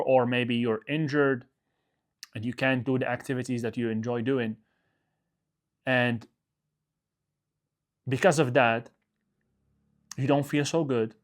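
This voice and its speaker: Man, motivational coach, emphatic, repeats himself, mid-pitched voice. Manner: emphatic, repeats phrases, frequent "okay?" check-ins. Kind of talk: motivational talk.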